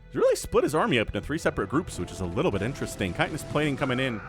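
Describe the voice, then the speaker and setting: Male solo esports caster, animated swings of pitch, over soft background music. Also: very fast. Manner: animated, excitable, jokey asides. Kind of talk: solo game commentary.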